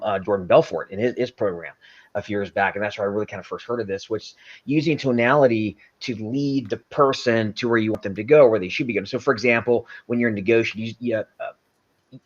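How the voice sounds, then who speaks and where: A man hosting an interview, talking casually and often pausing to search for words. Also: fairly low pitch. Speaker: host. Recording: dull lo-fi audio.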